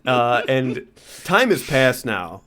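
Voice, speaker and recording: A male co-host on a comedy podcast, riffing eagerly with his friend. His voice sits in a mid range and tumbles forward in loose, excitable bursts. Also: mid-range voice, slow pace. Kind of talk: casual comedy podcast chat.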